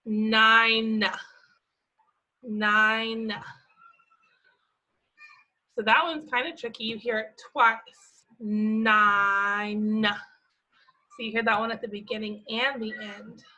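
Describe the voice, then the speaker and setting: Woman, preschool teacher, fairly high voice, patient and encouraging. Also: steady tone, sharp tone, highs cut off. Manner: slow, patient, sing-song and encouraging. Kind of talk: teaching a worksheet to young children.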